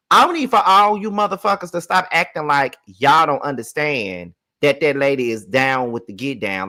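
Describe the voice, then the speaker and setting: A young man hosting a casual live review of a reality show, profane and rambling, laughing often and going loud and high when he gets excited. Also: normal speed, few pauses. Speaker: TV show reviewer and channel host.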